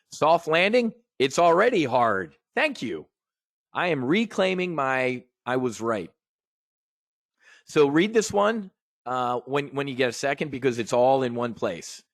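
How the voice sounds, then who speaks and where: A man's voice: medium pitch, big pitch swings, slow pace, no echo, clean studio sound. A man hosting a live trading brief, ranting bluntly and profanely. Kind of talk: live market commentary rant.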